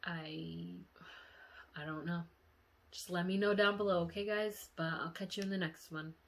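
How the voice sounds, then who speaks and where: A woman's voice: lowish voice, steady tone, normal speed, vocal fry, fairly bright tone. A woman vlogger talking casually to her viewers, teary and emotional, sighing often and speaking candidly with some swearing. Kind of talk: casual dream-diary vlog.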